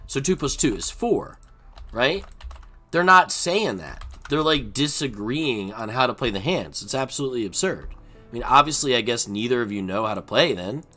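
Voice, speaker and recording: A man streaming poker and ranting unscripted, profane, swinging between mutters and shouting. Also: mid-range voice, lively intonation, moderate pace, faint music behind. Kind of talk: unscripted rant while playing online poker.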